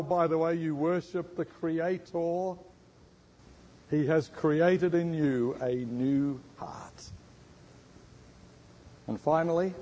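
Male preacher, slightly high voice, slow deliberate delivery, emphatic teaching style, hall reverb. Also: darkish tone. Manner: teaching, quizzes the audience, emphatic. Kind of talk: sermon.

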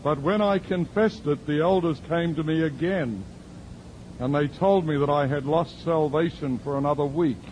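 A man's voice: fairly high pitch, moderate pace, a little mellow, a little hiss or hum, natural voice, poor audio. A man voicing an anxious middle-aged woman from a church group, hesitant and troubled as she confesses.

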